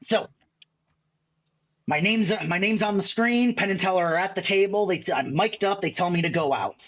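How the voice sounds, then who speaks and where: A man's voice: high-pitched, normal speed, fairly bright tone, lo-fi sound. A man from the Chicago area, a guest magician telling stories in a casual podcast chat, acting out other people's lines as he goes. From Chicago area, USA.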